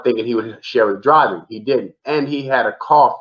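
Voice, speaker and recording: A comedian from the Bronx, a man, telling a road story in a casual, animated chat and repeating himself for emphasis. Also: medium pitch, moderate pace. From the Bronx, New York. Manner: animated, repetitive storyteller saying "man" a lot. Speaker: comedian guest. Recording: dull lo-fi remote audio.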